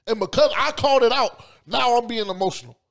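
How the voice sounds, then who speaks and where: Brief: high-pitched man, heated podcast co-host, loud and profane, talks over everyone. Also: fast talker, creaky. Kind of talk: heated casual debate.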